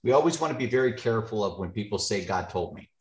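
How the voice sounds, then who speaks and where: A man's voice: on the low side, lively intonation, fast talker, echoey room, a little hiss or hum. A man hosting a Bible study on a video call, casual and joking. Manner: joking, laid-back, chatty. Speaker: host of men's Bible study. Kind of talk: casual chat.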